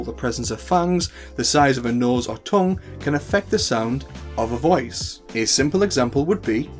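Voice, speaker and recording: A man with a northern English accent hosting a tutorial, chatty with playful asides. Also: medium pitch. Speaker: host. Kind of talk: tutorial talk to camera.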